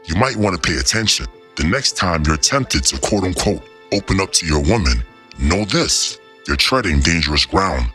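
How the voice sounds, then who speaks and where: Deep theatrical male narrator. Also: sing-song, moderate pace, pushed and bright, faint music behind. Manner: theatrical, mocking, old-fashioned phrasing. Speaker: commentary host. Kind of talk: dramatic scripted narration.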